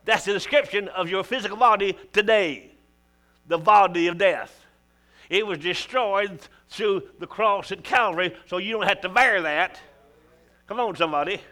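A man's voice: sits high, moderate pace, pushed and bright. A man with a Southern US accent preaching a sermon, folksy and joking, with emphatic calls to the congregation.

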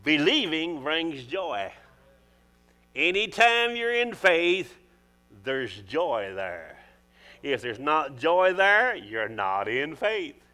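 Folksy older preacher, high and bright. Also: male voice, big pitch swings, slow pace, long pauses. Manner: folksy, preacherly, calls out to the congregation. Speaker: pastor. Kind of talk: sermon. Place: church.

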